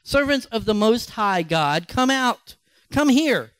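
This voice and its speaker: A man's voice: high voice, fairly quick, smooth, no echo, natural voice. A man voicing an angry, proud king in a retold Bible story, blustering and indignant. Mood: amazed shouting.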